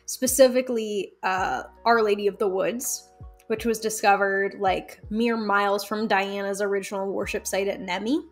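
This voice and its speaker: A woman guest in a casual interview, talking in a lively, chatty way with frequent laughs and fillers. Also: mid-range voice, normal speed, soft background music. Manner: animated, chatty, laughs often, many fillers. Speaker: guest, folk magic practitioner.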